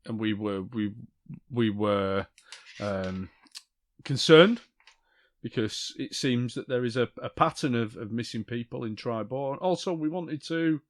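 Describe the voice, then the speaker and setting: A man playing a tabletop game, speaking in character in a halting way, searching for his words. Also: mid-range voice. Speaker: player. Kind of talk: in-character tabletop role-play.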